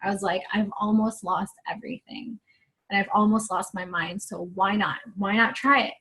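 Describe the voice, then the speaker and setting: A woman's voice: medium pitch, moderate pace, bright, forceful tone. A young woman telling her personal story as an online fitness coach, chatty and earnest, acting out what she said back then. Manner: chatty and earnest, acts out her own quotes. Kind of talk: personal story on a live video.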